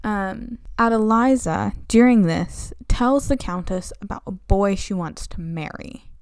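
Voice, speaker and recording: A woman's voice: mid-range voice, measured pace, darkish tone, no room sound, clean studio sound. A young woman recapping a play's plot in a flippant, sarcastic, casual way. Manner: flippant, sarcastic, slipping into mock voices. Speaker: video essayist.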